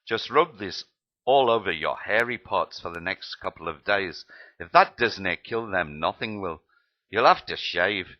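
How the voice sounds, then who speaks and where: A man's voice: low-pitched, lively intonation, measured pace, lo-fi sound. A man voicing a brusque, mocking male army medic with a put-on Scottish accent. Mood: teasing. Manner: teasing, rough-spoken.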